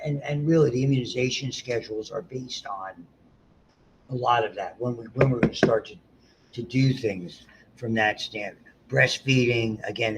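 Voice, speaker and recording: A man's voice: medium pitch, a bit bright, a little hiss or hum, rough recording. A man around seventy giving a casual, rambling biology lecture to students, full of asides and restarts. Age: about 70.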